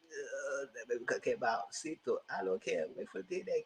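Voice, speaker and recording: A man with a medium-pitched voice and vocal fry hosts a casual live TV review, speaking briskly and very animatedly. He uses slang, laughs often, and acts out the characters' lines.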